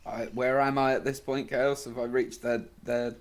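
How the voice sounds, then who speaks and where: A man's voice: medium pitch, flat delivery, normal speed. A man playing in a tabletop game, eager and full of questions. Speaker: tabletop player. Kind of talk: casual tabletop role-play.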